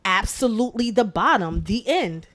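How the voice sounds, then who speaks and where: A woman hosting a podcast tells a story in an animated, profane rush of casual chat. Her voice sits a bit higher than most women's. She swears freely as she gets going. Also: moderate pace. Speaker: podcast host.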